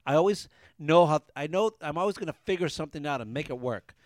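A man's voice: a little high, lively intonation, fast talker, no room sound, clean studio sound. A man co-hosting a casual podcast from a garage, talking in long rambling stretches full of restarts. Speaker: podcast co-host. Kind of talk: casual banter.

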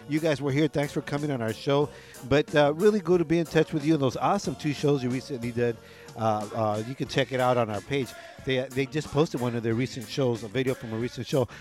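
A man's voice: mid-range voice, a little mellow. Middle-aged guy cohosting radio, chill, laughs a lot, throws in spanish bits, faint music behind. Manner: laid-back, mixes Spanish phrases, laughs often. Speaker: radio show co-host. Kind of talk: casual radio banter with shout-outs.

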